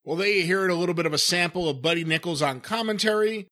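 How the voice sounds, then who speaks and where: A man co-hosting a casual podcast, talking his points through in an analytical way. His voice sits a little higher than most men's. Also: quick pace, pushed and bright. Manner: analytical, talks things through. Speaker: podcast co-host. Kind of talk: casual conversation about old wrestling footage.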